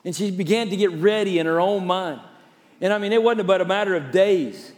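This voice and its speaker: A male pastor preaching a storytelling sermon, turning from emphatic to soft and hushed. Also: sits high, fairly quick, in a large hall.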